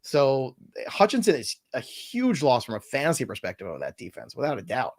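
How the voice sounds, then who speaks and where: A man co-hosting a fantasy football show in casual chat, excitable and emphatic, prone to ranting. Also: mid-range voice. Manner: excitable, emphatic, quick to rant.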